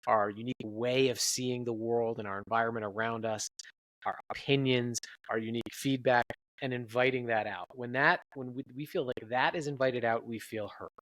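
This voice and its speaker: A man's voice: medium pitch, fairly even intonation, normal speed, fairly bright tone, no echo, rough recording. A man, a researcher guest on a podcast interview, explaining his work in an earnest, explanatory way.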